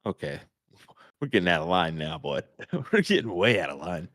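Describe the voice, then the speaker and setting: A man's voice: low-pitched, sing-song, normal speed, a bit bright, no room sound, studio quality. A man co-commentating live darts in a laid-back, laughing way, calling his partner bud.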